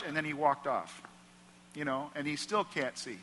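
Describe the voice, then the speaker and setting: A man with a Midwestern American accent preaches in a church hall, his bright, forward voice carrying a long reverb tail. He talks to the room earnestly and conversationally, pitched slightly high for a man. He stacks up repeated phrases to press each point home. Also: brisk. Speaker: pastor. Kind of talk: sermon. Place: church auditorium.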